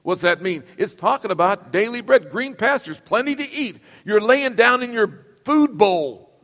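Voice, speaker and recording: The long reverb of a large hall carries the voice of a middle-aged pastor preaching emphatically and calling on the congregation to repeat after him. He sounds high-pitched, animated and a bit bright, at normal speed.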